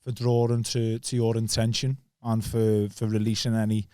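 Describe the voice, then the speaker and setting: Calm-talking man, dry close sound. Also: fairly low pitch, moderate pace, smooth, no echo. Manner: calm, explains at length with many restarts. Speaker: podcast guest. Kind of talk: casual chat.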